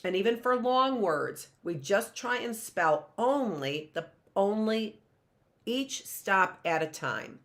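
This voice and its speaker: A middle-aged woman teaching a phonics lesson to young children, slowly sounding out words and spelling them letter by letter. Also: mid-range voice, lively intonation. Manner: slow, sounding out words syllable by syllable.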